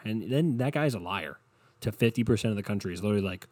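A man's voice: fairly low pitch, animated, quick pace, a little mellow, no echo. A young adult man hosting his own podcast alone, rambling casually with profanity and sarcasm and acting out quoted voices, sounding worn out. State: tired, worn out. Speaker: solo podcast host.

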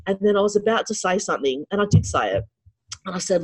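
A middle-aged woman with a husky, breathy voice, chatting as an interview guest. Her pitch sits mid-range for a woman. She tells her story expressively and keeps restarting her sentences. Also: fast, poor audio. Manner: animated and expressive, with frequent restarts. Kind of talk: casual personal storytelling.

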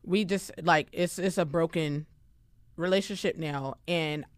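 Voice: mid-range voice, unhurried, no echo, studio quality. A podcast co-host in casual chat who talks loosely and animatedly, using lots of slang and filler words.

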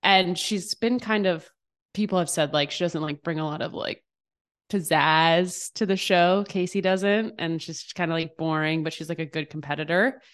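A woman's voice: lowish voice, fairly even intonation, moderate pace. Chatty woman podcast co-host. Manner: chatty, many fillers and restarts. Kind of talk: casual chat.

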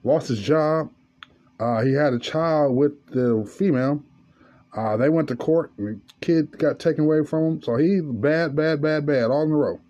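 A man's voice: on the high side, moderate pace, warm tone, muffled recording. A man hosting a podcast, telling a story in a casual, profane monologue. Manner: profane, storytelling, rising to angry rant. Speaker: podcast host.

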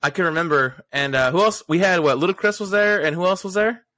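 A man's voice: high voice, fast talker, sharp tone. A young adult man hosting a podcast, chatting eagerly with lots of fillers and side remarks. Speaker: podcast host. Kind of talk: casual podcast chat.

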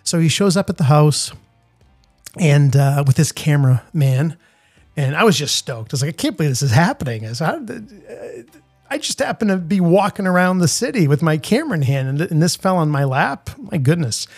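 Middle-aged Boston man hosting a podcast, animated and rambling, voice sits a touch high. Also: fairly quick, breathy edge, no room sound, soft background music. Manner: rambling, animated, with frequent fillers and restarts. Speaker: podcast host, street photographer. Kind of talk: casual storytelling monologue.

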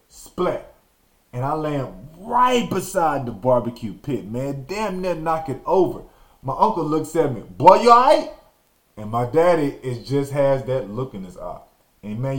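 Male podcast host, casual storyteller, animated delivery with acted-out quotes. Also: mid-range voice. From Texas. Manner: animated, acts out quotes and sound effects.

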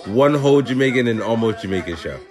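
A young man co-hosting a podcast, bantering loudly and laughing often. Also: mid-range voice, lively intonation. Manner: loud, joking, quick to laugh. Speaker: podcast co-host. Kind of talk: casual banter.

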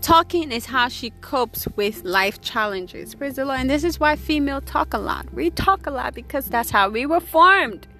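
A woman's voice: high-pitched, animated, normal speed, few pauses, bright, forceful tone. A woman preacher giving an emphatic sermon, often repeating "Praise the Lord" between her points. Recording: faint music behind.

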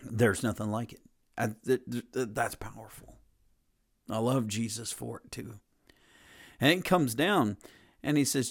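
A man's voice: mid-range voice, animated, normal speed. A man gives a conversational sermon in a mid-range voice. He talks earnestly and plainly, circling back over his words as he builds each point. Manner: earnest, plain-spoken, repeats and restarts phrases. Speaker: preacher.

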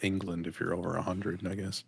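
A man with a very low, husky voice adds short, dry quips in a casual podcast chat. He speaks in brief, offhand lines. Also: level tone, brisk, dry recording. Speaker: podcast co-host.

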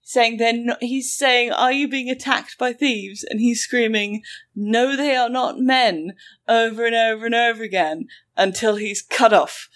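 A woman hosting a chat podcast, telling a story in an animated, sarcastic way and acting out quotes. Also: on the high side, normal speed, hardly any pauses.

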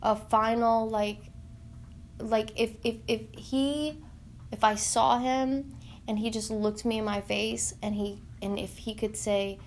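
A woman in an earnest, heartfelt spiritual monologue, halting and searching for words with many fillers. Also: mid-range voice, fairly even intonation, a little hiss or hum.

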